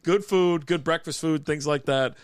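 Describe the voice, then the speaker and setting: A man's voice: on the high side, moderate pace, clean tone, dry recording, studio quality. A man co-hosting a casual live beer show, rambling through recommendations, swearing freely and laughing often. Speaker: podcast co-host. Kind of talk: casual live-stream chat.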